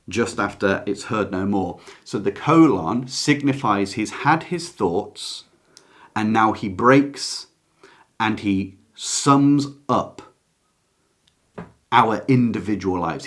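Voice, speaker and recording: A man giving a slow, reflective line-by-line lecture on a play, sometimes pausing to search for words. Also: on the low side. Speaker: literature teacher.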